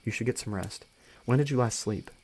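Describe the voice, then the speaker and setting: A man reading the lines of a gentle young man who talks a frightened friend through her panic in a storybook reading. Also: mid-range voice, fairly quick, lightly acted. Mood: soothing. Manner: soothing, reassuring.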